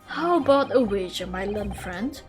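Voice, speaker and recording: Woman putting on a low, hushed, haughty prosecutor. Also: expressive, moderate pace, faint music behind, natural voice. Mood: cold, mocking. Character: cold, haughty male British prosecutor.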